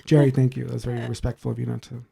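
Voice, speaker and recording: Man, podcast co-host, casual chat, ranting, dark gravelly tone. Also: mid-range voice, rapid-fire, a little hiss or hum. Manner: ranting, sarcastic, animated.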